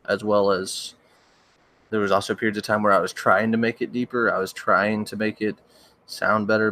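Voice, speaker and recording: A young man, a horror story narrator, chatting casually on a livestream, rambling and hesitant, his voice cracking and needing throat-clearing now and then. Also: on the low side, sharp tone, no room sound. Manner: rambling, hesitant, with many restarts and fillers.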